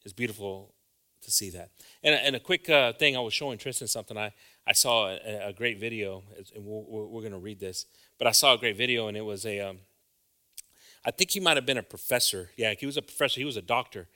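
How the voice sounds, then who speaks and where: Bright-voiced fervent preacher, man. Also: lowish voice, a little fast. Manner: conversational, often asks the congregation "right?"; builds from quiet musing to loud, fervent exhortation. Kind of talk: informal sermon.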